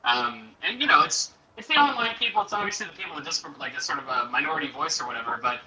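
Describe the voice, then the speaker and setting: A man's voice: on the high side, animated, quick pace. An exasperated man in casual political talk, profane and mocking, recorded from a distance in a roomy space. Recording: roomy, distant mic, crowd behind.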